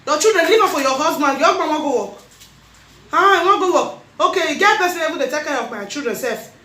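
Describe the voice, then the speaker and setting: A woman speaking Nigerian Pidgin English, giving a lively birthday shout-out to camera with frequent laughter. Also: high voice, roomy sound. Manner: animated, laughing often, rapid bursts. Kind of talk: excited casual monologue to camera.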